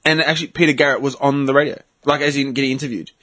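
A man's voice: mid-range voice, steady tone, racing, bright, forceful tone. A man co-hosting a casual chat, who laughs a lot and tells stories as he goes. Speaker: co-host. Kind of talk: casual chat among friends.

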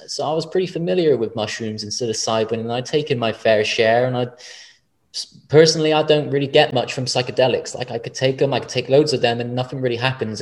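Man, podcast guest, casual storytelling, rambling, sweary, lots of restarts, mid pitch. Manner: rambling, frequent swearing and self-corrections.

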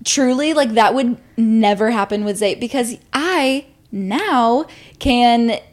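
A woman's voice: on the high side, expressive, slow pace. A young woman co-hosting a podcast, telling a story casually, swearing freely and acting out what people said. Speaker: podcast co-host.

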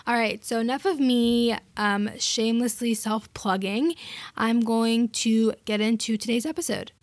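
Chatty woman podcast host, upbeat and playful, slightly high voice, dry close sound. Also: a little slow, no echo. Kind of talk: casual podcast chat.

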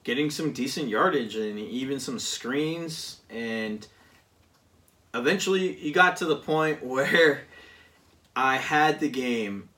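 A man chatting casually, rambling and pausing with many fillers as he recounts a season of a football video game. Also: medium pitch, sharp tone, far from the mic. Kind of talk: casual chat.

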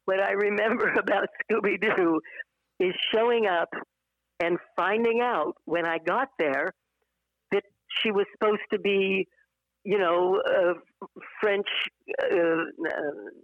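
A woman's voice: mid-range voice, takes it slowly, no echo, narrow, tinny audio. An older woman, an actress guest, chatting in an interview, laughing often and restarting her sentences. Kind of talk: casual interview conversation.

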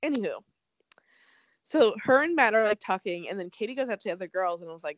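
A woman's voice: mid-range voice, animated, a little fast, no room sound, lo-fi sound. A young woman, a podcast co-host, recapping a reality show in a chatty, sarcastic way with lots of "like". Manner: chatty, heavy use of "like", swearing, sarcastic. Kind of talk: casual recap chat.

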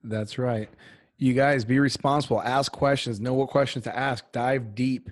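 A man's voice: medium pitch, steady tone, normal speed, dry recording, studio quality. A man co-hosting a podcast, chatting in a laid-back, agreeable way. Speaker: podcast co-host. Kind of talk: casual podcast chat.

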